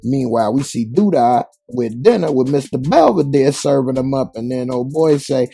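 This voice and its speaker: A man's voice: mid-range voice, expressive, normal speed, gravelly, few pauses, dark tone, breathy edge, no echo. A man casually recapping a TV episode, retelling scenes in slang and acting out the characters' lines. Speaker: TV show reviewer.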